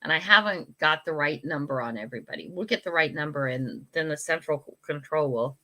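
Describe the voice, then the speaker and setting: An older woman from the United States hosts a casual livestream, answering comments as they arrive, talking a little fast in a slightly low voice that's bright and forceful. Chatty and frank, she laughs easily, keeps apologizing and restarts.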